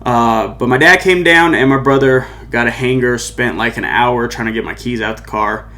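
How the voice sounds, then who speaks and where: A man's voice: mid-range voice, moderate pace, bright, forceful tone. A young man with a mid-range voice talks through a personal story in loose, unscripted chat, as the host of his own show. He rambles, circles back, and keeps checking in with "you know what I mean". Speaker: podcast host and musician.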